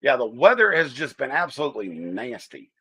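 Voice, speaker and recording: A man's voice: mid-range voice, sing-song, brisk, a bit bright, husky. An American man hosting a casual livestream, chatting in a rambling way and greeting viewers by name. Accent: General American. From United States. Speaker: livestream host.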